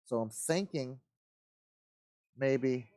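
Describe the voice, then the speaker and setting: A man hosts a live model-building show, talking casually as he works. He rambles and mutters to himself in an easygoing, folksy way, at a middle pitch. The sound is dry and close. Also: extremely slow, warm tone, dry recording. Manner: rambling, talks to himself while working.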